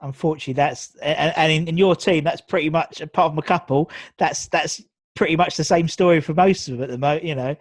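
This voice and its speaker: A man's voice: a little high, brisk, no echo. A man hosting a casual interview over a video call, easygoing and asking encouraging questions. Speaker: podcast host.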